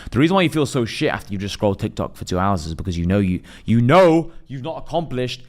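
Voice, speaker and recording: A man delivering a blunt, profanity-laced motivational monologue, acting out quick imagined voices along the way. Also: mid-range voice, sing-song, darkish tone. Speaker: self-improvement vlogger.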